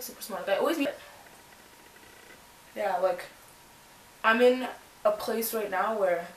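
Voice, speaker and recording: A young Canadian woman chats casually while she does her makeup. She rambles along with lots of filler words, at a middle pitch. She sits some way from the mic in an echoey room, with a little background hiss. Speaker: beauty vlogger. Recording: roomy, distant mic, faint noise.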